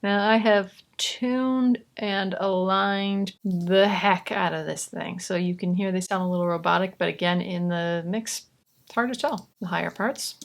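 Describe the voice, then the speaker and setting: A young woman explaining how she records and layers vocals, in a chatty, relaxed way with asides. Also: mid-range voice, a little slow, gravelly. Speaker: vocal producer teaching. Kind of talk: casual tutorial explanation.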